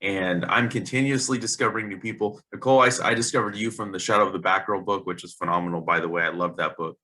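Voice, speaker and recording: A man's voice: low voice, steady tone, fast talker, bright, forceful tone. A man hosting an interview show, talking casually with enthusiasm and loose, rambling phrasing. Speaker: host.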